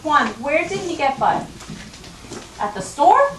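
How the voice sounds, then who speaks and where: High-voiced woman teaching first graders. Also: sing-song. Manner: patient, coaxing, models reading slowly word by word. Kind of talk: classroom reading lesson. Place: classroom. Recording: roomy classroom audio from a distance, with background noise.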